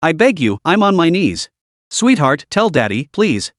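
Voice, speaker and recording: A man's voice: a little high, very animated, a little slow, no echo, clean studio sound. A man voicing a desperate, crippled middle-aged man who pleads and curses frantically. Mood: begging.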